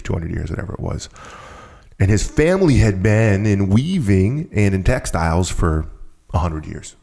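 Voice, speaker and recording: Man, very deep voice, gravelly, podcast guest, animated storytelling, acts out quotes. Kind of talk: storytelling conversation.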